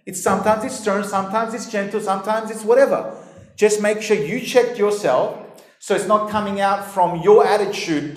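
A man delivers a sermon in an animated, emphatic way, addressing his listeners directly. His voice sits high for a man. The room adds a strong echo. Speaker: pastor. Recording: echoey room.

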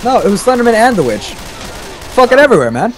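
An excitable man yelling and cursing during a co-op game. His voice is high and swings wildly in pitch as he shouts. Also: quick pace, slight background noise. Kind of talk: casual gaming banter.

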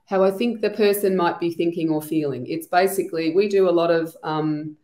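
A woman's voice: on the low side, fairly even intonation, brisk, warm tone. A woman, an EFT trainer, explaining her work in a casual, thinking-aloud way on a video call. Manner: chatty, thinks aloud with many "you know" asides. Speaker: EFT trainer and trauma practitioner guest. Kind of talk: casual explanatory interview talk. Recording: echoey room.

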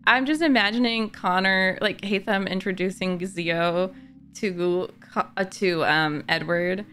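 A woman's voice: medium pitch, steady tone, measured pace, pushed and bright, smooth, soft background music. A woman YouTuber chatting casually to camera as a fan, gushing and rambling with frequent "like" and the odd swear word. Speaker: gaming YouTuber discussing a book.

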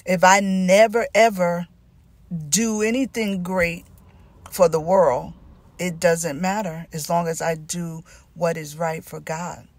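A woman's voice: on the low side, steady tone, takes it slowly. A middle-aged woman with a Southern US accent, giving an informal sermon with emphatic repetition. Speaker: Christian teacher.

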